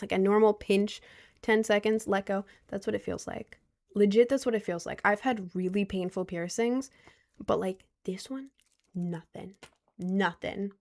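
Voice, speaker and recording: A young woman chatting casually with her viewers, rambling and repeating herself in loose slang. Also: medium pitch. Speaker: streamer answering chat. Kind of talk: casual chat.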